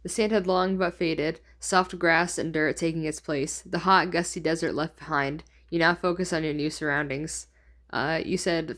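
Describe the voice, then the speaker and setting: A woman's voice: on the low side, fairly even intonation, normal speed, fairly bright tone. A woman in her twenties reading her old fanfiction aloud, stumbling and correcting herself and laughing at her own writing. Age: 20s. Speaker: fanfiction reader.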